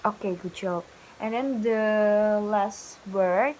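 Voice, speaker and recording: Very slow woman teacher. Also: medium pitch, a little mellow, a little hiss or hum, low-quality recording. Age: young adult. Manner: slow, drawn-out model words for students to repeat. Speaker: English pronunciation teacher. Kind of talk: recorded pronunciation lesson.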